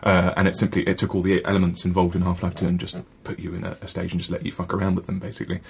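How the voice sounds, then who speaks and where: A man's voice: low-pitched, completely flat delivery, rapid-fire, creaky, breathy edge. A man chatting casually on a panel, rambling and hesitant with plenty of ums.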